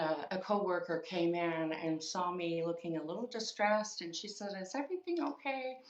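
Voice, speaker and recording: A woman's voice: low voice, roomy sound, muffled recording. A woman recounting a personal story in an interview, with many fillers and quoted dialogue. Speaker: guest.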